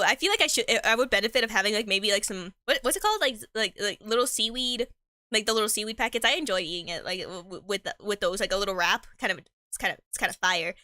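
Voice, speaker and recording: A woman's voice: fairly high pitch, sharp tone, no echo, studio quality. A young woman streamer chatting casually while eating. She rambles, stumbles over her words, uses a lot of slang, and laughs often, sometimes talking with her mouth full. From Mexican heritage.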